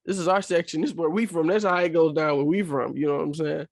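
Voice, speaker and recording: A man in casual podcast chat with a somewhat high-pitched voice, talking earnestly and hammering his point by repeating phrases. The sound is close and dry. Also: fairly even intonation, fast talker, vocal fry, dry recording. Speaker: podcast co-host.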